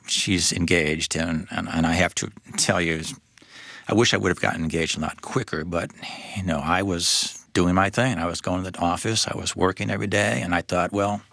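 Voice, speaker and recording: A man who is a guest on an interview, telling his story as a father in a reflective, halting way with many restarts. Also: deep voice, steady tone, gravelly, fairly bright tone, dry recording, studio quality. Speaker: guest, father of a son with a disability. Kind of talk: personal testimony in a faith interview.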